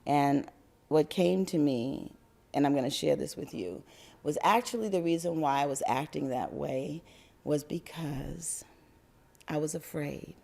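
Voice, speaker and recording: An older woman from New York telling a personal story to an audience, animated and often laughing. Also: low-pitched, normal speed, gravelly.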